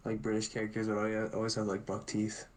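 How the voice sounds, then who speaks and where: A man's voice: fairly low pitch, monotone, fast talker. Rambling young American guy. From United States. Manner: rambling, filler-heavy. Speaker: podcast co-host. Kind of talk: casual chat.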